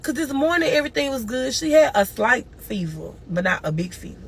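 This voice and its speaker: A woman's voice: sits high, sing-song, brisk, a little hiss or hum. A grieving woman streaming live, telling a long emotional story and crying at times. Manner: tearful, cries and moans through the story.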